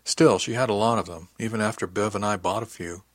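A man reading a novel aloud in the first person as an audiobook narrator, with even, unhurried storytelling. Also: lowish voice, dry recording.

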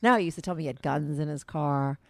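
A woman's voice: deep voice, fast, creaky, darkish tone, no echo. A young woman hosting a podcast in casual chat, candid and rambling, with lots of "like" fillers. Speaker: podcast host.

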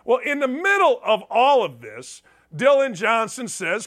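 A man's voice: extremely high pitch, very animated, unhurried, a bit bright. A man hosting a sports talk show, giving a blunt, sarcastic opinion monologue. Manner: blunt, sarcastic, mocking voices in quotes.

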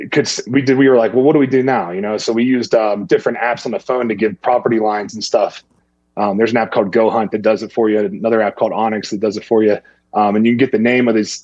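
A man's voice: lowish voice, slightly rough, dry recording, lo-fi sound. A man telling a long outdoor story in a casual, rambling way, acting out the people he quotes. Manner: rambling, animated when quoting others. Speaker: guest.

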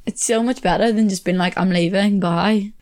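A young woman with an Irish accent, hosting a casual solo podcast, chatty and quick to laugh, with lots of "like" fillers. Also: medium pitch, fairly even intonation, a little mellow. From Ireland. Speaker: podcast host.

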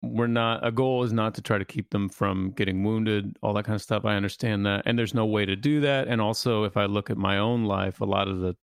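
A man in his thirties co-hosts a podcast and asks a guest earnest, reflective questions. His low voice has a gravelly edge. The mic is close and dry. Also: steady tone, brisk, few pauses, dry recording. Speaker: podcast co-host. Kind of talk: casual podcast interview.

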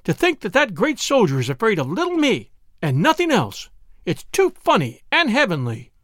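A man doing an excitable spirited young woman. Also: sits high, normal speed, no echo, clean studio sound, exaggerated voice. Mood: excited.

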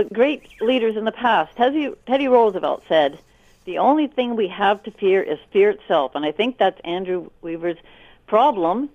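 A woman's voice: medium pitch, no echo. A woman from Canada calling in to a radio show, chatty and opinionated. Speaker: caller. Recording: tinny phone line.

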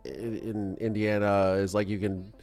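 A man's voice: lowish voice, level tone, unhurried, a little mellow, faint music behind. A man interviewing a guest, mostly adding short supportive interjections. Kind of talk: conversational interview.

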